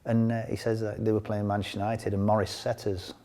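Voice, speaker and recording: Older man, ex-footballer guest, low-pitched, rambling anecdotes, laughs often. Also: little pitch movement, fast, warm tone. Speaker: interview guest, former footballer. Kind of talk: casual storytelling interview.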